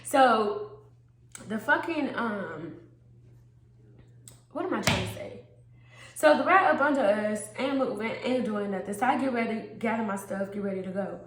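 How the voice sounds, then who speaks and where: A woman telling a wild story in an animated, profane, laughing way. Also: medium pitch, moderate pace, pauses often, reverberant, a little hiss or hum. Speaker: storytime vlogger. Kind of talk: casual storytime monologue.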